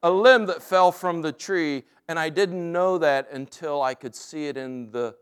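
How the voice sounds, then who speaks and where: A rattled, worn-out Irish woman recounting a sleepless night, as a preacher puts her on. Her Irish lilt is pitched up high, and the delivery is clear and smooth. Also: measured pace, lightly acted. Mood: exasperated. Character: frightened middle-aged Irish woman, tired and shaken.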